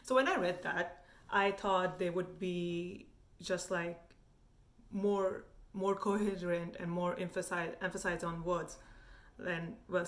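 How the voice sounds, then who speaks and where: A young woman from India with a light Indian English accent, giving a frank, animated review vlog full of "like" fillers. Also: lowish voice. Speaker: vlogger reviewing a TV show. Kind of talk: casual opinionated review.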